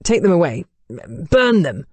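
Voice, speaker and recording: A woman voicing a gruff young male duke with a grumbly, curt and disdainful manner, in an audiobook. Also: on the low side, very animated, a little slow, darkish tone, no echo, full character voice. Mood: commanding.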